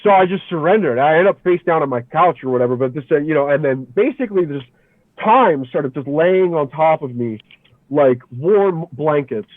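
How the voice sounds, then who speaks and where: Casual male podcast guest from the Philly area, animated storyteller, swears and says "dude" a lot, tinny dry phone-line sound. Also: fairly high pitch, normal speed, no echo. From Philadelphia area.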